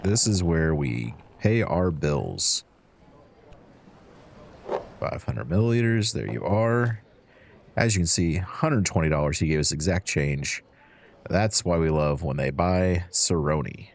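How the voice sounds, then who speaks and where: A man's voice: low voice, lively intonation, slow, creaky, long pauses, a little hiss or hum. A man hosting a let's-play, chatting to in-game customers as he serves drinks and counts out change. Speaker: gaming channel host. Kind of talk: relaxed let's-play commentary.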